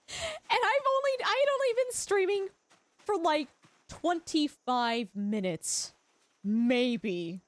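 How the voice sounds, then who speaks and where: A woman's voice: high voice, animated, slow pace, pauses often. A woman streamer chatting casually while gaming, telling rambling stories and laughing often. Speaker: Twitch streamer.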